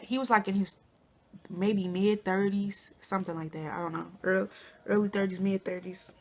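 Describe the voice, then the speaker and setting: A young woman from Flint, Michigan, telling a storytime to her viewers in a chatty, animated way. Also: mid-range voice, brisk. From Flint, Michigan, USA. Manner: chatty, addresses viewers as y'all and girl, animated quotes. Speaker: vlogger. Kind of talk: casual storytime.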